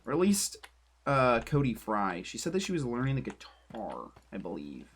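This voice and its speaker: A man's voice: medium pitch, huge pitch swings, moderate pace, breathy edge. A man streaming a building game, talking casually to his viewers in a rambling, self-deprecating way. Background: keyboard typing and clicks.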